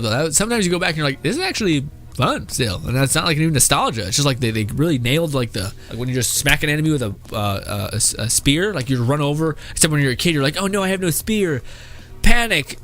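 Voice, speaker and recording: A man's voice: fairly high pitch, a bit bright. A young man casually reacting to memes, laughing often and swearing while he rambles.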